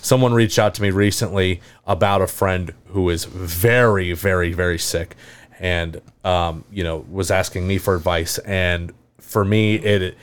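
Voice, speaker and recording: A very deep-voiced man talks on a podcast in a loose, conversational way. He is candid and plain-spoken, stumbles through restarts and drops the occasional curse. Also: steady tone, unhurried, clear, resonant tone. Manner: candid, talks of his own sobriety with frequent restarts and swearing. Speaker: podcast host.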